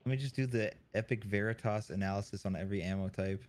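A man's voice: on the low side, fast talker, a little mellow. A young man gaming with friends over voice chat, joking sarcastically and laughing often.

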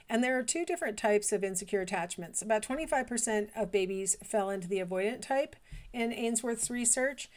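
A woman's voice: medium pitch, a little mellow. Chatty middle-aged woman lecturing. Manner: conversational, explanatory, with frequent fillers. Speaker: college lecturer. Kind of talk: recorded lecture.

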